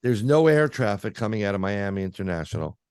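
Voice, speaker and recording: A man's voice: on the low side, sing-song, brisk, a little mellow, clear, resonant tone, no room sound, clean studio sound. A man being interviewed as a paranormal researcher, telling a story in a casual, rambling way with lots of fillers and restarts.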